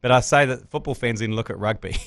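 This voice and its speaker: A man in his forties with a New Zealand accent, hosting a podcast and telling lively, swear-filled stories in casual chat. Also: medium pitch, fast, dry recording. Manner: lively storyteller, swears freely, laughs mid-story. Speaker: podcast host.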